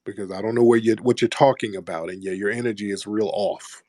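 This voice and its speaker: A man's voice: on the low side, steady tone, fast talker, mellow, no room sound. Blunt confrontational male talk show host.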